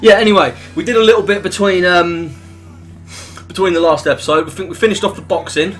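A man's voice: high-pitched, a little fast, fairly bright tone, faint music behind. A young British man hosting a let's play, bantering crudely with his co-host over gameplay. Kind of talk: casual gaming commentary.

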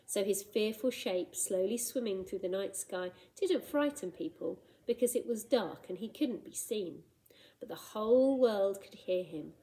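A woman teacher reading a storybook aloud to children in a gentle, expressive way, with asides about the pictures. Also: medium pitch, rough recording.

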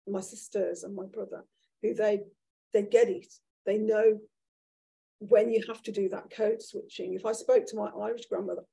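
A woman in her sixties with a Birmingham accent, a guest author telling candid, animated stories in an onstage conversation before an audience. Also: mid-range voice, vocal fry, breathy edge. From Birmingham, England. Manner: animated, candid storytelling with restarts. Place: event room with an audience.

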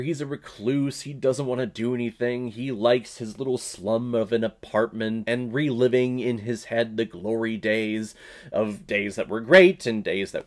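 Gravelly, enthusiastic male movie reviewer. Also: mid-range voice, rough recording. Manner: animated, enthusiastic, quick asides. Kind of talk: casual video review.

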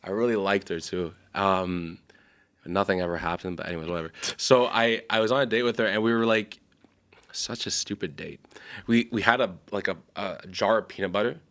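Rambling low-voiced young man. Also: brisk, fairly bright tone. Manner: rambling, self-correcting, laughs often. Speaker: podcast co-host. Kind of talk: casual storytelling chat.

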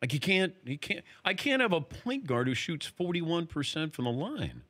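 A man hosts a casual interview, firing off chatty, prodding questions. His pitch moves a lot as he talks, and he laughs easily. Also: sing-song, moderate pace, fairly bright tone, breathy edge. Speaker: interview host.

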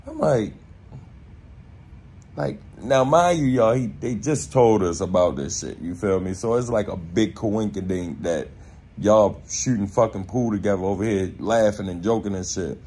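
A young man with a Baltimore accent telling a casual story, animated and profane, acting out quotes in street slang. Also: on the low side, a little hiss or hum. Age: young adult.

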